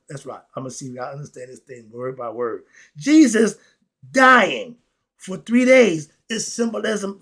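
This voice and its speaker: A man delivers a preachy spiritual lecture, putting questions to his listeners and answering them himself. His voice sits a bit high and sounds husky. He drops into quiet asides, then breaks into loud, excited bursts. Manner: preachy, talks straight at the audience, asks and answers his own questions. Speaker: host.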